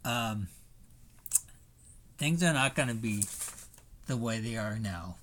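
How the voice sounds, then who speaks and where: A man's voice: lowish voice, lively intonation, slow, fairly bright tone, slight background noise. A man preaching a sermon in a conversational way, thinking aloud with fillers and rhetorical questions. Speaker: pastor.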